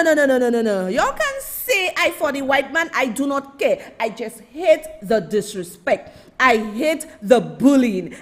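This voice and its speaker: A woman's voice: very high voice, fairly bright tone. A woman hosting live political commentary, ranting with indignation.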